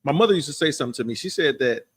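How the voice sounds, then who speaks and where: A man's voice: on the high side, expressive, very fast, husky. A man co-hosting a casual podcast, opinionated and laughing as he talks. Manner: opinionated, laughs while talking. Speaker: podcast co-host.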